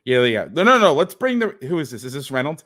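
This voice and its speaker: A man talks football film over a video call at an ordinary pitch. He is a coach who is sarcastic and openly exasperated as he picks apart each play. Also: very animated, quick pace, fairly bright tone.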